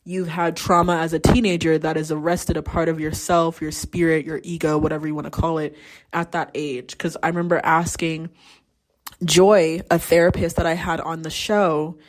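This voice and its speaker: A woman's voice: low voice, level tone, normal speed. A young adult woman hosting a podcast, talking candidly in a casual solo monologue and swearing freely. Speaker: podcast host.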